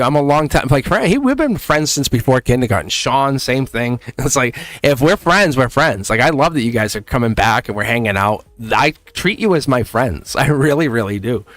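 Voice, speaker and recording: A man's voice: mid-range voice, fairly bright tone, no room sound. Rambling, laughing man hosting a tarot stream. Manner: rambling, laughs often, says "like" constantly. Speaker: tarot reader and livestream host. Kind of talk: casual livestream chat.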